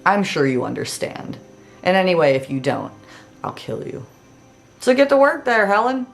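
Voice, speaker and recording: A woman's voice: fairly low pitch, big pitch swings, moderate pace, gravelly, soft background music. A woman voicing a brash, bro-like king who is breezy and cheerfully ruthless.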